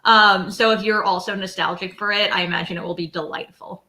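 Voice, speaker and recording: An enthusiastic woman chats on a video call in a bright, clear voice of middle pitch. She rambles warmly, peppering her sentences with "like". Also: steady tone, fairly quick. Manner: chatty, lots of "like" fillers, enthusiastic. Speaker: indie bookseller guest. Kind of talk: casual chat.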